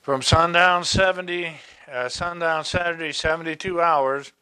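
Slow, bright-voiced man preaching. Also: a little high, steady tone, smooth. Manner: slow, deliberate Bible exposition with asides. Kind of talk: sermon.

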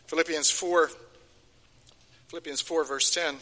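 An older preacher gives a sermon, emphatic and repeating key phrases as his voice rises and falls. His voice is on the high side, bright and forceful, at a moderate pace, with a long hall reverb on the recording.

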